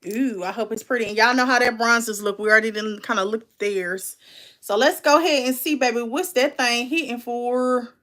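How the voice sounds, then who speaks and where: A woman's voice: on the high side, normal speed, a bit bright. A woman, chatting casually and candidly as she unboxes and reviews makeup, calling her viewers "baby" and "y'all". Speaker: beauty vlogger.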